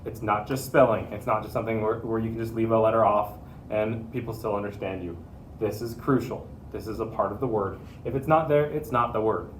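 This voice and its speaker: A man's voice: fairly low pitch, fairly even intonation, fairly quick, echoey room, far from the mic, slight background noise, rough recording. A man teaching a Spanish pronunciation lesson to his students, patiently repeating the key points.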